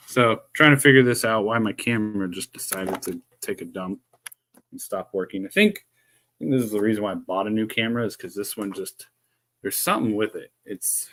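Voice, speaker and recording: A man's voice: on the low side, a bit bright. Sarcastic man fumbling with his stream gear. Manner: dry sarcastic asides while fumbling with gear. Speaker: streamer setting up a live stream. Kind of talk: casual live-stream chat. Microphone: desk microphone he keeps adjusting.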